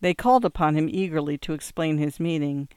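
A male narrator reads a classic tale in a measured, even storytelling manner. His voice is smooth and resonant. The recording is dry and close to the mic. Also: a little high, no room sound. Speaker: audiobook narrator. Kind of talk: scripted narration.

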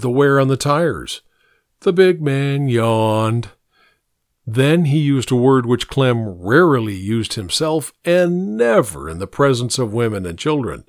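Male narrator, story reading, slow, lively pitch, dry close sound. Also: no echo. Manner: measured, expressive storytelling.

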